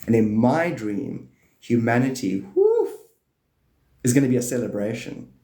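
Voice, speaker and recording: Gravelly man musing on a livestream. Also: normal speed. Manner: loose, playful, meandering, swings into high excited bursts. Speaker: livestream host. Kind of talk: rambling spiritual livestream talk. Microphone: phone or desk mic on a live stream. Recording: echoey room.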